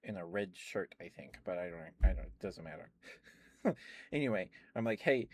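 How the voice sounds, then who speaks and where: A young man chatting softly at home for an ASMR stream, rambling, laughing often and repeating phrases. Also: low voice, animated, normal speed. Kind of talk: soft-spoken ASMR chat.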